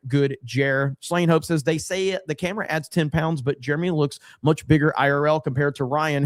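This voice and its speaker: A man's voice: a little high, dry recording, clean studio sound. A man hosting a livestream, chatting casually and reading viewer comments aloud, loose and rambling with lots of ums. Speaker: livestream host.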